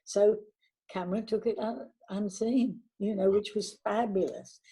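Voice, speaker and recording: An older woman, a veteran actress, chatting warmly in an interview and telling anecdotes from her career. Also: mid-range voice, fairly even intonation, a little slow, breathy edge, rough recording. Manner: warm anecdotal, chatty with restarts. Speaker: actress guest. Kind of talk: reminiscing interview talk.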